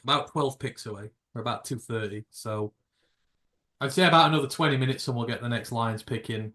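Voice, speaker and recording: British man, livestream host, casual swearing, rambling jokes, average pitch. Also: fairly quick, sharp tone. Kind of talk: casual live reaction chat.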